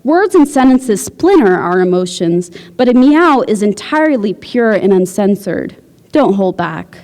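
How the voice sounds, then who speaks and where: A woman's voice: mid-range voice, big pitch swings, unhurried, a little mellow, long reverb tail. A woman reading aloud as a bossy female workshop leader who preaches and commands. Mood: commanding.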